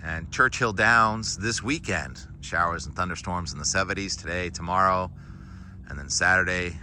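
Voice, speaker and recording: A man's voice: low-pitched, moderate pace. A man vlogging outdoors by the water, chatting about the weather and chuckling often, with wind on a handheld camera mic. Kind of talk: casual outdoor vlog narration. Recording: loud wind noise on the mic.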